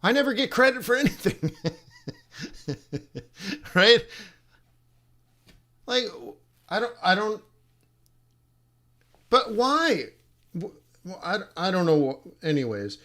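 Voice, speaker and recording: A middle-aged man runs a live trading lesson in a high, bright voice. He is animated and jokey, teasing his viewers, trailing off into laughs and restarting his sentences. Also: takes it slowly, pauses often. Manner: rambling, with frequent laughs and restarts. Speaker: forex trading instructor and host.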